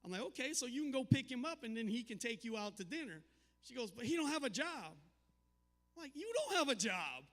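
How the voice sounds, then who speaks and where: A middle-aged man doing a stand-up set, telling crude family stories with deadpan punchlines. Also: very high-pitched, fairly quick, big-room sound. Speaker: stand-up comedian. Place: live comedy venue.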